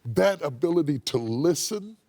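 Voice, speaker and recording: A man's voice: on the high side, animated, normal speed, dark tone, no echo. A man who is a bishop, telling a personal story in an emphatic, preacherly way during a TV studio interview.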